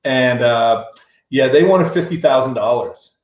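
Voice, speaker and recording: A man's voice: medium pitch, lively intonation, unhurried, reverberant, low-quality recording. A man, a musician, telling a long anecdote in casual chat, restarting and acting out other people's lines. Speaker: musician guest. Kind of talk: casual storytelling on a radio show.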